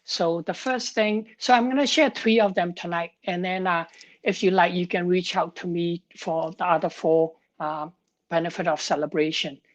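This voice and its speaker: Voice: mid-range voice, fairly even intonation, normal speed. A woman pharmacist talking on a live stream, telling a story in an earnest, heartfelt way and sounding tired.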